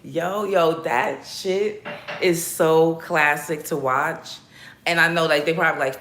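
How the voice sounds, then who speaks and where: A woman's voice: low-pitched, measured pace, fairly bright tone, a little hiss or hum. A woman hosting a casual livestream, chatting with her viewers in a blunt, profane and playful way. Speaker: livestream host talking battle rap. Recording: roomy echoey room.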